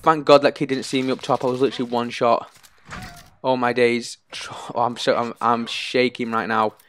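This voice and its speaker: A young-sounding man talks through a tense match as he plays it. He swings between anxious pleading and loud excitement, with his voice at a middling pitch and a faint hiss behind it. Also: moderate pace. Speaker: gaming YouTuber. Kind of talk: live gameplay commentary.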